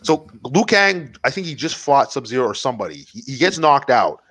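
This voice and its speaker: Brief: male podcast co-host, animated storyteller, pitch jumps around, stumbles and restarts. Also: fairly quick. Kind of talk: casual comedy podcast chat.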